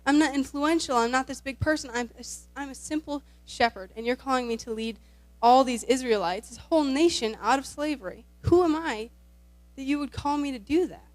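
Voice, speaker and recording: A woman's voice: mid-range voice, fast, darkish tone, no room sound, natural voice. A woman voicing a self-doubting biblical shepherd who anxiously pleads and repeats his questions. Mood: pleading.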